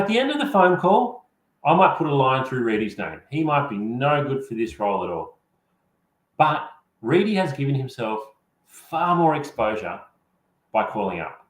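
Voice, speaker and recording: A man, a career coach presenting an online workshop, speaking directly and encouragingly to his audience. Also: mid-range voice. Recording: roomy echo.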